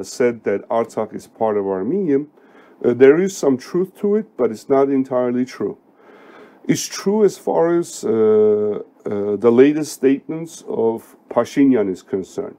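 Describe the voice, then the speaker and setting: A middle-aged man giving unscripted political commentary, deliberate and emphatic, with frequent hesitations. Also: mid-range voice, dark tone.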